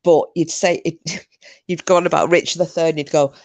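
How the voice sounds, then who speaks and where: A woman's voice: low voice, fairly even intonation, normal speed, darkish tone. A woman hosting a live stream, chatting casually and rambling, with frequent restarts. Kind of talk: casual chat.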